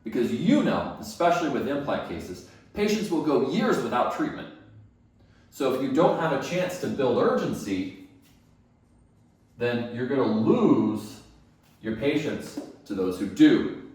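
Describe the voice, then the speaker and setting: In a very echoey room, far from the mic, a man teaches dental staff phone skills with a mid-range, darkish voice that swings widely in pitch. He talks a little slowly and emphatically, asking questions and then answering them.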